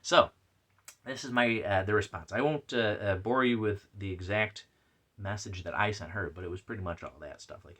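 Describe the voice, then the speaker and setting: A man's voice: on the low side, normal speed, fairly bright tone. A man hosting a casual solo comic review podcast, rambling and chatty with lots of fillers and restarts. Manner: reads out messages with playful put-on voices. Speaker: podcast host.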